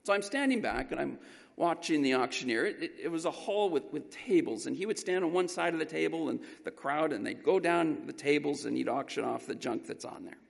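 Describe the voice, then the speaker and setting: Man preaching, telling a story with lots of energy, slightly high voice, big reverb. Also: brisk, creaky. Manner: animated, emphatic storytelling. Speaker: pastor. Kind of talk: storytelling sermon. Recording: long reverb in a large hall.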